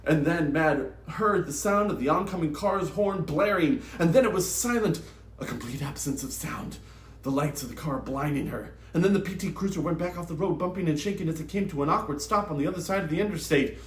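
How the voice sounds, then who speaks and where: A man hosting a book channel, reading passages from a novel aloud in an expressive, dramatic way and acting out the dialogue. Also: fairly high pitch, a little fast, reverberant. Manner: animated, acts out dialogue with shouts. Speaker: booktube host reading from novels.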